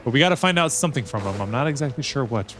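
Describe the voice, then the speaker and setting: A man's voice: mid-range voice, animated, very fast, fairly bright tone. Joking male game streamer. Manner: joking, talks back to the game characters. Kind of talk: casual let's-play commentary. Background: game audio and music.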